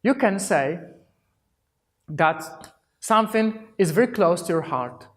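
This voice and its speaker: A man's voice: high-pitched, expressive, measured pace. Man teaching gestures. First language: Polish. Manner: demonstrative, acts out example greetings; non-native phrasing with restarts. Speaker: presentation skills trainer. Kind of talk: live workshop talk on body language.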